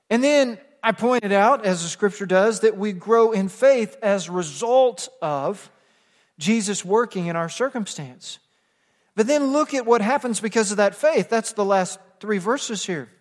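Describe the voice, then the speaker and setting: A man preaching a sermon as pastor, moving between quiet conversational asides and emphatic, rising passages. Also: high voice, expressive, measured pace. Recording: long hall reverb.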